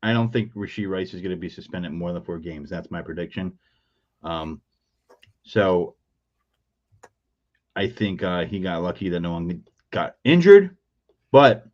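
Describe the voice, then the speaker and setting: A man's voice: deep voice, animated, moderate pace, long pauses. A man joining a sports podcast as a guest, chatting casually and joking with many ums. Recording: dull lo-fi remote call audio.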